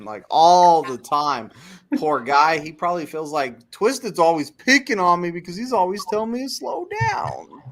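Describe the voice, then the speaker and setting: A man's voice: sits high, a bit bright. A man from Texas with a Texan accent, a trucker hosting a casual livestream chat and reading viewer comments aloud. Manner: talks slowly, rambling storytelling.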